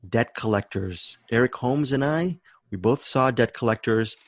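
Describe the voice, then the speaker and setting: A man's voice: mid-range voice, moderate pace, no echo. A man hosting a podcast in casual chat, enthusiastic and repeating words as he thinks. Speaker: podcast host.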